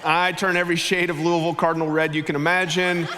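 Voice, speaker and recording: A man's voice: fairly high pitch, quick pace, noisy background. A middle-aged man, a guest pastor telling stories humorously in a sermon in a church auditorium. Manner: humorous, animated storytelling. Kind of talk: sermon with storytelling. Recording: church hall reverb.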